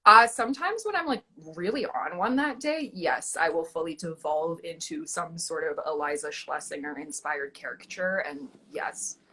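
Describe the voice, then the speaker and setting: A young Canadian actress chatting as a guest, her lowish voice husky yet bright. She talks playfully with a very lively, swooping pitch. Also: moderate pace, few pauses. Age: young adult. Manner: playful, expressive, plays with voices. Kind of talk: casual chat.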